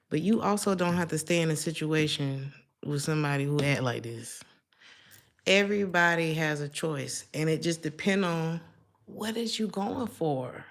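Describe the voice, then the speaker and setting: A middle-aged woman giving a casual tarot reading on a live stream, talking in a chatty, sassy and animated way. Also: lowish voice, creaky. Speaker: tarot reader.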